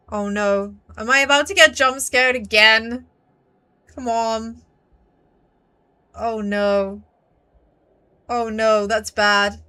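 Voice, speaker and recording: A woman streaming a mystery game, talking to herself and her viewers, jumpy and quick to swear when startled. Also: on the high side, bright, forceful tone. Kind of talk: live game commentary.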